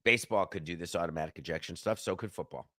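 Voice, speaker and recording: A man's voice: low-pitched, fast, pushed and bright, no room sound, studio quality. A middle-aged man hosting a sports podcast, delivering an emphatic, sardonic opinion monologue and arguing with himself. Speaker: podcast host.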